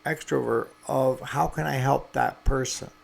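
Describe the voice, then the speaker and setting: A man's voice: mid-range voice, steady tone, unhurried, vocal fry. A man who owns a small engine repair shop, talking casually to camera and giving earnest, folksy advice.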